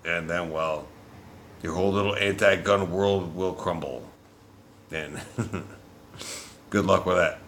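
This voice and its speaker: A man delivering an angry, profane political rant as a vlogger, shouting at times. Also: deep voice, fairly even intonation, slow pace, pauses often, slight background noise.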